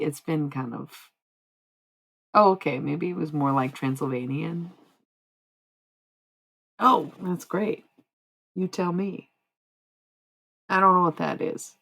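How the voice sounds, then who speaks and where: Gravelly, husky-voiced woman streamer. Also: extremely low pitch, rough recording. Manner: meandering, talks to chat, trails off. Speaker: livestreamer. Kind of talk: rambling livestream chat.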